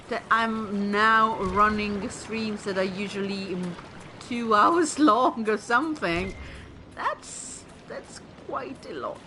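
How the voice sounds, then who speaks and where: Brief: bright, animated woman streamer, unhurried, tired, faint hiss behind. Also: a little high. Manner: chatty, excitable, swears and laughs. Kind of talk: casual let's-play commentary.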